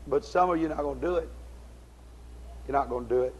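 A man preaching a fiery sermon, in folksy, ungrammatical speech, swinging between shouted exhortation and low, intense tones. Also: quick pace, slight background noise, poor audio.

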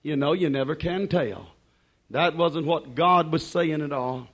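A man preaching a sermon in an emphatic, repetitive cadence, dropping to hushed asides and rising to shouted declarations. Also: high-pitched, big pitch swings, a little slow.

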